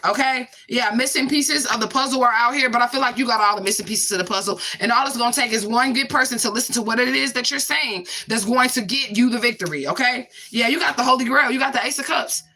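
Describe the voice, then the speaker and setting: A woman's voice: fairly high pitch, fast talker, hardly any pauses, sharp tone. A woman giving a casual spiritual reading in a blunt, profane, emphatic way, repeating catchphrases for emphasis. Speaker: spiritual card reader.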